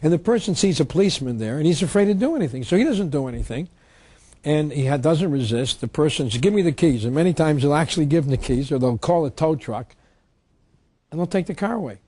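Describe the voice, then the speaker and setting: A man's voice: a little high, animated, fast, warm tone. A man giving an emphatic public lecture on tax law, reading legal text aloud. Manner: emphatic, reads statutes aloud.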